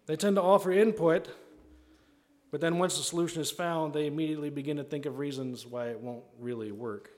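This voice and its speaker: Man, pastor, conversational sermon, fairly high voice, acts out quoted lines. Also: steady tone, a little fast, darkish tone.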